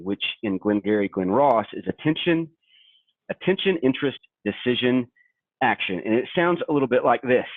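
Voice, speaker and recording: Emphatic young sales coach on a phone line. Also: male voice, medium pitch, dry recording. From Kentucky. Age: young adult. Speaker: webinar co-host and sales trainer. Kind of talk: sales training webinar. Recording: tinny dry phone line.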